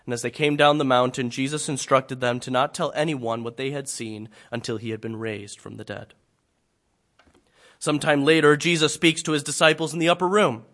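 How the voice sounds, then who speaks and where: A man preaching a sermon, telling a scripture story dramatically, swinging from loud to hushed. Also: mid-range voice.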